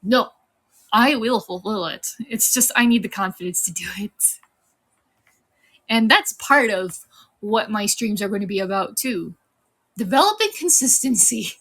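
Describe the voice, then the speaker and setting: A woman's voice: mid-range voice, animated, measured pace, long pauses, fairly bright tone. A young woman streamer chatting casually on a live stream, giggling often as she thanks viewers and reads the chat.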